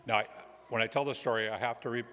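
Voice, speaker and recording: A man who is a guest minister, telling a children's story during a church service in an animated storytelling manner with friendly asides. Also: medium pitch, fast. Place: church sanctuary. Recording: long church reverb.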